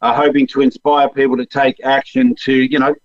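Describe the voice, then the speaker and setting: An Australian man chats easily as a podcast guest, pausing on ums. His voice sits at an ordinary middle pitch. The audio is dry and a little dull, like a remote call. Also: little pitch movement, no echo. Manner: easygoing, with frequent ums. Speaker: actor and acting coach. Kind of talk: casual podcast interview.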